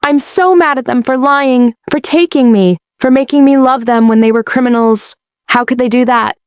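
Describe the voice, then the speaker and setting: A woman's voice: high voice, moderate pace, clear, resonant tone, no echo, studio quality, pitched above the performer's own voice, lightly acted. A woman voicing an upset ten-year-old girl who pleads with raw, tearful anger. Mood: angry, hurt.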